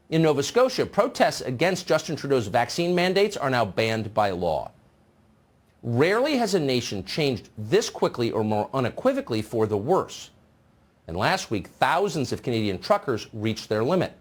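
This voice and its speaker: Sarcastic husky-voiced male news host. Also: medium pitch. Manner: sarcastic, mocking. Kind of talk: opinion monologue.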